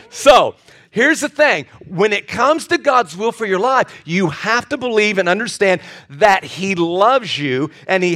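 A man's voice: sits high, a bit bright. A middle-aged male pastor preaching a sermon, impassioned, often restarting and repeating words and asking the congregation questions.

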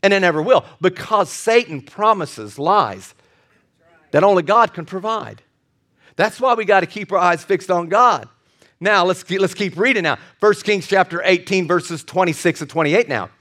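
A male pastor preaching a sermon, telling a Bible story with animated, acted-out quotes. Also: high voice, moderate pace.

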